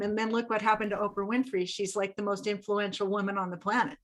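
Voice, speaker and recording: A woman's voice: mid-range voice, level tone, fast, hardly any pauses, rough recording. Articulate woman host. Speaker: podcast host. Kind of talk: conversational interview.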